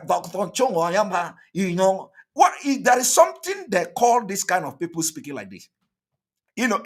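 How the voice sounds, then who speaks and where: A man hosting an online broadcast, talking emphatically and repeating himself as he comments on a played interview. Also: high voice. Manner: emphatic, repetitive, quick to laugh.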